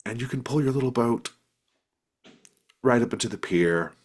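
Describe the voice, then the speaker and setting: A man's voice: medium pitch, expressive, moderate pace. A man narrating as game master of a tabletop role-playing game, loosely, with lots of fillers. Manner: loose, rambling with many fillers.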